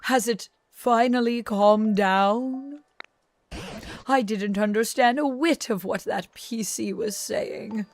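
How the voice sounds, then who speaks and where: A kindly old video game creature frets and flusters in a raised, wavering pitch, as a woman puts it on. Its phrasing is quaint and old-fashioned, and each line sounds anxious. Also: slow. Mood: fretful.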